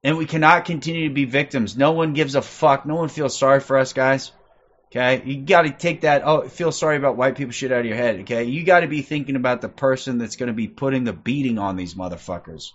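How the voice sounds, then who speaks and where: A man's voice: mid-range voice, fairly quick, muffled recording. A man in his forties hosting a livestream. He rants in a profane, aggressive way and ends nearly every sentence with "okay?". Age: 40s. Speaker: livestream host. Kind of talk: ranting livestream commentary.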